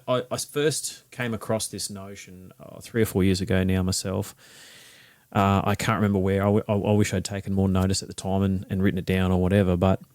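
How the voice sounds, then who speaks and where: A man with an Australian accent hosting an interview podcast, measured and thoughtful, often nodding along with agreement. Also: low voice, darkish tone, no room sound. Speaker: podcast host. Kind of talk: conversational interview.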